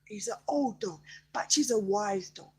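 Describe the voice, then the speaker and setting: An older woman, a grandmother, telling a bedtime story in a soft, often whispered and hesitant way. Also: medium pitch, a little slow, husky.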